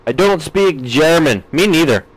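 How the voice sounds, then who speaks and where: A man's voice: a little high, expressive, a little slow, no room sound, rough recording. A man from the United States in his thirties, streaming a game live and chatting with his viewers, reading their messages aloud with playful jokes.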